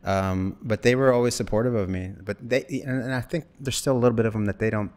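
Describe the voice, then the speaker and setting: A man's voice: on the low side, fast. A man in his forties from Wyoming, an actor telling stories in a casual interview, rambling and acting out bits of dialogue. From Wyoming, USA. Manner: rambling, animated, acts out quoted dialogue. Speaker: actor guest.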